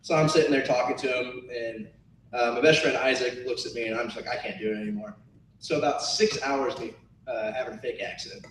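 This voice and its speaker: A young man in his twenties talking casually and laughing at himself. His voice sits in an even middle range and comes from away from the mic, in a roomy space with a faint hum behind it. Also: medium pitch, a little fast. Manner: laughing, self-mocking. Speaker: tailgate organizer. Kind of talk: casual meeting chat and storytelling. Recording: roomy room from far off.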